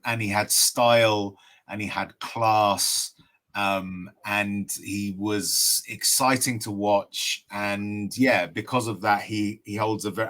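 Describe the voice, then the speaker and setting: A man's voice: lowish voice, a bit bright. A man chatting as a podcast guest, thoughtful and hesitant, with many restarts. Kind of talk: casual chat.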